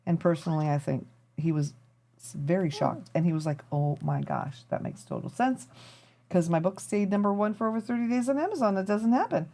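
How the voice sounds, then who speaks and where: A woman's voice: mid-range voice, fast talker, mellow. A woman hosting a live stream, chatting casually and rambling to her viewers as she thinks aloud while tinkering. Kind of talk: casual chat to a live audience.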